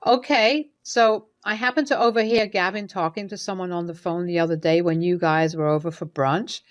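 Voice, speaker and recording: A woman's voice: on the low side, fairly even intonation, moderate pace, lightly acted. A woman voicing a caring middle-aged mother-in-law who speaks hesitantly and soothingly while reading a story's dialogue. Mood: concerned.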